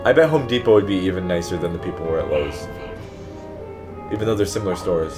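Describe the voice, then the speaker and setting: A man's voice: deep voice, lively intonation, fast talker. Man ranting profanely over game music. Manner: profane, exasperated storytelling. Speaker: let's play co-host. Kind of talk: casual ranting story over gameplay. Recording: game music playing underneath.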